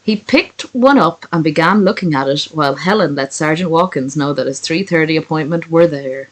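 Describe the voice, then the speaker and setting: A woman's voice: deep voice, moderate pace, a little hiss or hum, poor audio. A woman reading a story aloud for laughs, breaking off for crude, joking asides. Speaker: reader of a fan story. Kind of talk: comic reading aloud with commentary.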